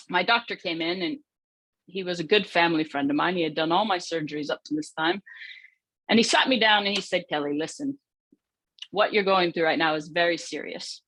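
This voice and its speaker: A woman's voice: on the low side, fairly bright tone, no echo. A woman giving an earnest, reflective keynote speech, telling a personal story and asking rhetorical questions. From United States. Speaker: conference speaker, former footballer.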